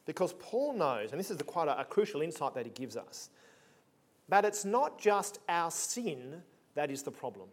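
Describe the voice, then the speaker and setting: Man, preaching, conversational and emphatic, fairly high voice. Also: sing-song, moderate pace. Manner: conversational, emphatic, punchy asides. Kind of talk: sermon.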